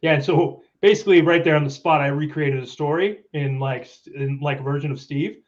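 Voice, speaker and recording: A man's voice: a little high, brisk, dull audio. A man chatting as a podcast guest in loose, profane banter, swearing and laughing often. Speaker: podcast guest, former contractor coworker.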